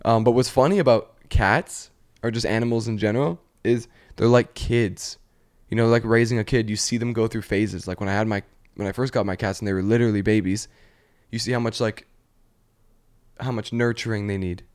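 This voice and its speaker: A man's voice: lowish voice, fairly even intonation, fairly quick. A young man hosting a podcast, chatting loosely with many 'like's and slipping into silly voices. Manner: rambling storyteller, full of 'like', acts out voices. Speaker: podcast host. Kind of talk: casual chat.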